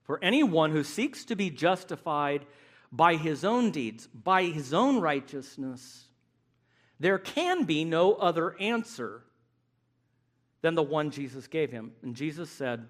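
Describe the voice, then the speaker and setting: A man preaching a sermon, emphatic and animated, acting out the voices he quotes. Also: fairly high pitch, takes it slowly.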